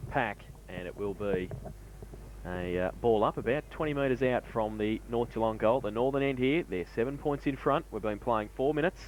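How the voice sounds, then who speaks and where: A man with an Australian accent calling a local football match in a steady, measured way, giving scores and time played. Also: medium pitch, poor audio. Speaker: football commentator. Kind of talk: local radio football commentary.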